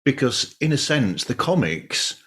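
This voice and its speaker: A man hosting a podcast, chatting in a relaxed, rambling way. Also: mid-range voice, measured pace, slightly rough. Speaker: podcast host. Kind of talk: casual podcast chat.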